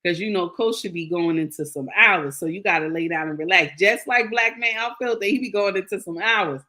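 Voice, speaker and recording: Sassy bright-voiced older woman ranting. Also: medium pitch, fairly quick. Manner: sassy, preachy, emphatic. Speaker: commentary vlogger. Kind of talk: casual opinion commentary.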